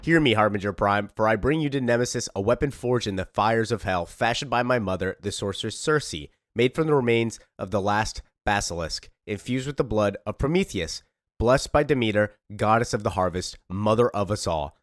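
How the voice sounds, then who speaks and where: A man's voice: on the low side, normal speed, no echo, clean studio sound, natural voice. A man voicing a fierce young warrior princess, reading her lines in a proclaiming, intense way. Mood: defiant.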